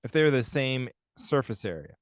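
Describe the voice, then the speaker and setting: A young man trades jokes and playful arguments in a casual podcast chat. His voice is smooth and resonant despite a slight husky edge, recorded close and dry. His pitch sits at an ordinary middle level. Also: very animated, normal speed, no echo. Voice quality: husky, like a smoker's voice right now. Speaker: podcast co-host.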